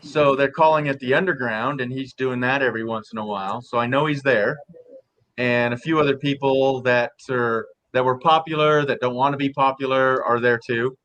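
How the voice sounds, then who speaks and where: A man's voice: mid-range voice, steady tone, moderate pace, fairly bright tone. Laid-back guy hosting a live chat, loose and chuckly, medium voice. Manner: easygoing, chuckling, loose and chatty. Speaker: host of a live stream. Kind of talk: casual chat.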